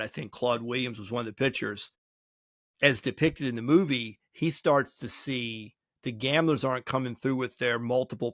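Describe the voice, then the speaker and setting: A man's voice: medium pitch, fairly bright tone, no room sound, studio quality. A man from the United States co-hosting a podcast, chatting casually and acting out quoted dialogue as he tells a story. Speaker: podcast co-host.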